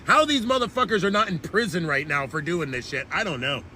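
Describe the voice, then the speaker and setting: A man's voice: on the high side, brisk, heavy background noise. A man hosting an online commentary channel, delivering a heated, profane political rant.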